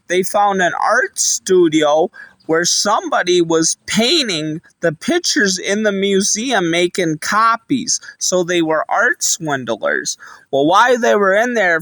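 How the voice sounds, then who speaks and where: High-voiced man, slow rambling retelling. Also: fairly bright tone, no echo, low-quality recording. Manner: rambling, plain storytelling with many "and" links. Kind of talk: casual retelling of a cartoon episode.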